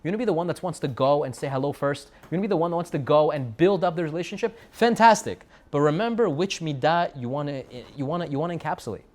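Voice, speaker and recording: A man's voice: fairly high pitch, animated, fast talker, hardly any pauses, a little mellow. Man preaching a storytelling sermon. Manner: storytelling with repeated phrases and Hebrew terms. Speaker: rabbi giving a Torah talk. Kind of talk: sermon to students.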